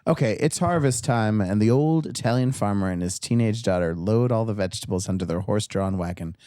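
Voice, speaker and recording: A man on a comedy podcast chatting casually and telling a joke, quiet and self-deprecating, laughing often. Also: on the low side, brisk, dry recording, studio quality.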